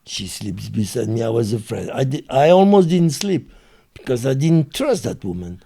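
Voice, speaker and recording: Husky and mid-range, the voice belongs to a native French speaker with a French accent. He's a lively storyteller in an interview, occasionally pausing as he gropes for English vocabulary.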